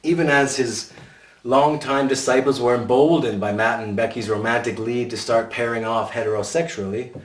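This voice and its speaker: A man's voice: mid-range voice, fairly even intonation, moderate pace. A man narrating his own memoir in a dry, wry storytelling voice. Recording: roomy sound from a distant mic.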